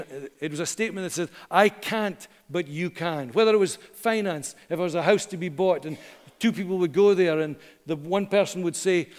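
Middle-aged male pastor preaching, fairly high voice, earnest with dramatic pauses, long church-hall reverb. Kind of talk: sermon.

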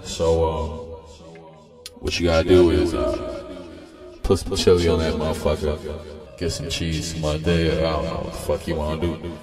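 Deep-voiced, shrugging store clerk, slow and profane, played by a man. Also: flat delivery, echoey room, big-room sound, recorded from a distance, over loud music. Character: weary male convenience store clerk.

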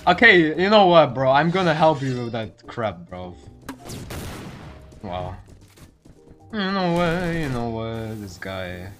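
A man giving excitable, swear-filled commentary over his own gameplay, calling everyone "bro". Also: mid-range voice, takes it slowly, long pauses, faint music behind. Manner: excitable, swears often, constantly says "bro". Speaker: gaming video creator.

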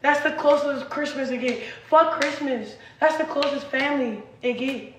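A woman's voice: sits high, normal speed, roomy sound, background noise. A young woman in a rambling, agitated and profane livestream rant, recorded on a phone.

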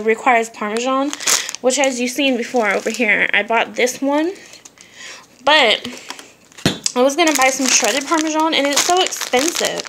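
A woman with a slightly high voice talks through her grocery haul in a loose, chatty way, with lots of ums and little side remarks. The home recording carries clear background noise along with the crinkle of bags. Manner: chatty, with frequent ums and trailing asides. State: briefly out of breath. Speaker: vlogger showing a grocery haul. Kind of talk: casual chat.

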